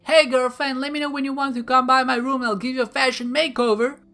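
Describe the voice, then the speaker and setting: A streamer voicing a bubbly, fashion-loving teenage girl in a high sing-song voice while reading her texts in a game playthrough. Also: flat delivery, quick pace, sharp tone, soft background music.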